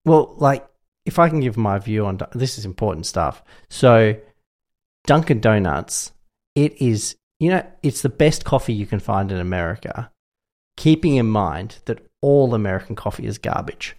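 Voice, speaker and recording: A man from Australia, co-hosting a podcast and telling rambling, animated stories in casual chat. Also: on the low side, normal speed. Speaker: podcast co-host.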